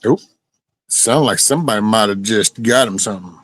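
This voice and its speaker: A man's voice: on the low side, moderate pace, a bit bright, dry recording, low-quality recording. A man hosting a casual live stream, rambling through stories and chatting with viewers. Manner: rambling storytelling, talks to chat. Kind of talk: casual chat reading viewer comments.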